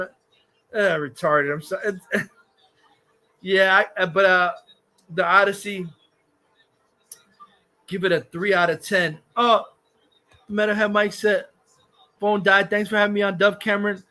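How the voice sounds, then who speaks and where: A man's voice: high-pitched, flat delivery, measured pace, pauses often, sharp tone. A man hosting a livestream, ranting crudely and rambling about movies, laughing often. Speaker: streamer host. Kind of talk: casual livestream rant.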